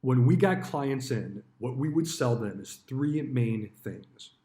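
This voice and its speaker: A man's voice: medium pitch, lively intonation, takes it slowly, dark tone. Blunt, cursing male storyteller in an echoey room. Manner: blunt, swears freely, acts out quoted dialogue. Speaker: retired stockbroker telling stories. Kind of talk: casual storytelling monologue. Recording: roomy echo.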